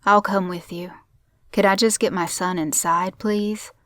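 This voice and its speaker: Brief: woman doing a soft-spoken cowboy father, tender and pleading, dry close mic. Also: mid-range voice, steady tone, unhurried, no room sound, close to an everyday voice. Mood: soothing. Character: gentle young cowboy father.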